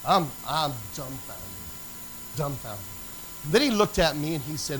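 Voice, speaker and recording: Middle-aged preacher, animated storyteller, high and bright. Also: male voice, a little slow, a little hiss or hum, rough recording. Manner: animated storyteller acting out dialogue. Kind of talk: sermon storytelling.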